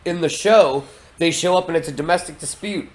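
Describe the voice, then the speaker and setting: A man co-hosting a casual podcast chat, an animated storyteller who swears freely. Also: on the high side, brisk. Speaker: podcast co-host.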